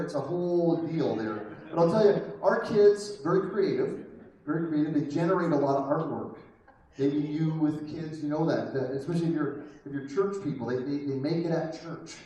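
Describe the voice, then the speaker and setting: A man's voice: fairly high pitch, normal speed, mellow. A man in his thirties performing a self-deprecating stand-up comedy set with crowd work, recorded live from a distance with an audience. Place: live venue with audience laughter. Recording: echoey room mic'd from far off, crowd audible.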